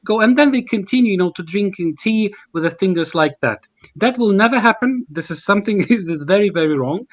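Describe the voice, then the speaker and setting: A man's voice: high-pitched, expressive, a little fast, muffled recording. A man from Ukraine, speaking as a guest commentator in a panel discussion, earnest and emphatic, with frequent restarts.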